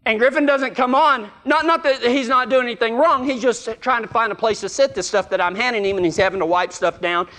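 A man's voice: very high voice, brisk, few pauses, pushed and bright. A middle-aged man, a preacher telling a folksy, self-mocking story to his listeners. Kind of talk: storytelling sermon.

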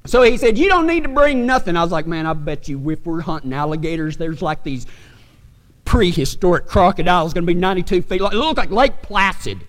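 A man with a Texan accent, a pastor from West Texas telling a folksy, animated story to his congregation. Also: high voice, big-room sound. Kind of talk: storytelling sermon.

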